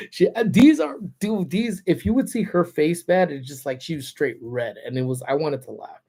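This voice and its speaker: A man's voice: a little high, normal speed. Laid-back man telling stories on livestream. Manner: animated, laid-back slangy talk. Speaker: livestream host. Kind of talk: casual storytelling. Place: parked car.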